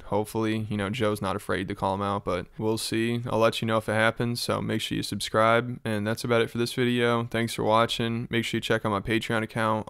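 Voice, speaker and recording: A man's voice: lowish voice, a bit bright, smooth, no room sound, clean studio sound. A man giving casual reaction commentary as a YouTube host, chatty and mildly exasperated.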